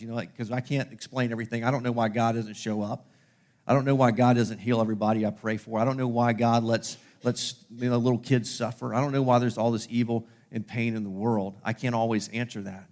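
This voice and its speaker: Man preaching an animated sermon. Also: mid-range voice. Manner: animated storytelling, voices the disciples and Martha in plain speech. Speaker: pastor.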